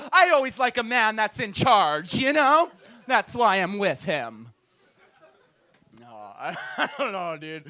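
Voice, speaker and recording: Bright slangy young comedian on stage. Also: male voice, high-pitched, smooth. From Edmonton, Alberta, Canada. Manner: loose, rambling, slangy crowd work. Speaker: stand-up comedian and event host. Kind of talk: stand-up comedy. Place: comedy club stage with audience.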